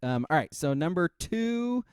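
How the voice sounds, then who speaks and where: A middle-aged man co-hosting a podcast in casual chat, animated, laughing often and swearing freely. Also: on the high side, a little slow, clear, resonant tone, dry recording, studio quality. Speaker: podcast co-host.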